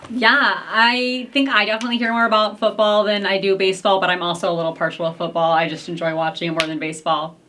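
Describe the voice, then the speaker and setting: A woman's voice: medium pitch, level tone, fast, hardly any pauses, pushed and bright. A young woman co-hosting a casual radio talk show, chatty and leaning on "like" often. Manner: chatty, says "like" a lot.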